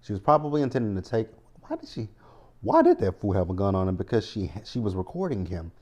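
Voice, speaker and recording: Mellow low-voiced man chatting casually. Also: big pitch swings, quick pace. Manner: chatty, rambling, full of "like" and asides. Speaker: TV show recap vlogger. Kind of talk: casual recap commentary.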